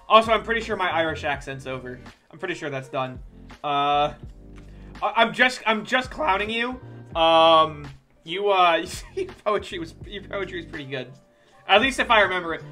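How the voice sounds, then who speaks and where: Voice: medium pitch, lively intonation, normal speed, sharp tone, faint music behind. A game streamer chatting casually with viewers while playing, joking and swearing freely. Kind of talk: casual gameplay commentary.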